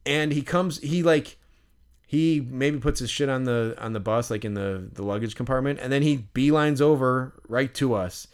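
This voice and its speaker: Podcast co-host, male, mid-range pitch, smooth resonant tone, rambling animated storyteller. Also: moderate pace. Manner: animated, rambling, frequent fillers and casual swearing. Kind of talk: casual storytelling chat.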